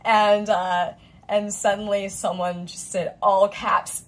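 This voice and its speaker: A woman in her thirties chatting to camera as a vlogger, expressive and talkative, often acting out what others said. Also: medium pitch, normal speed, poor audio. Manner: chatty and expressive, voicing quoted friends. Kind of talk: casual chat to camera.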